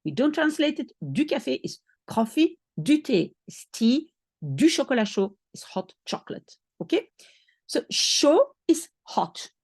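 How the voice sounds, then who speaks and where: A woman's voice: high voice, sing-song, unhurried, a little mellow, breathy edge, no echo, studio quality. A woman teaching a lesson, patient and explaining step by step, often checking if she is understood. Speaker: language teacher. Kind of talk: one-on-one French lesson.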